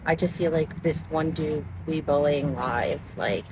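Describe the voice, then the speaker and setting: Lowish voice gal rambling thru a storytime outside, laughs a lot, lots of outdoor noise. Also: female voice, slow. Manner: rambling, giggly, easily distracted. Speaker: vlogger telling a story. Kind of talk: casual storytime chat. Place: outdoors near water with ducks and bugs. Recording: noisy outdoor recording.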